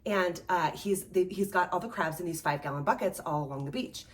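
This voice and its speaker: Chatty, animated woman with a lowish voice. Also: brisk. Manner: animated, chatty, peppered with "like" and "right?". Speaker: host and life coach. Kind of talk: motivational talk. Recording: voice a bit distant from the mic.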